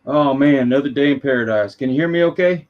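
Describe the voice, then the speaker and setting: A man's voice: medium pitch, quick pace. Easygoing man on a lo-fi call. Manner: easygoing, brief replies. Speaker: guest. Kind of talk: casual chat. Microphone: computer call.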